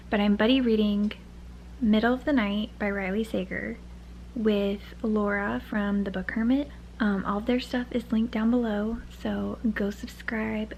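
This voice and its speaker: A young woman chatting in a casual reading vlog from her bed, dramatic and gushing, often dropping into a hushed half-whisper. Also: medium pitch, creaky, a little hiss or hum, poor audio. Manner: dramatic, gushing, repeats herself. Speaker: book vlogger. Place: bedroom, in bed.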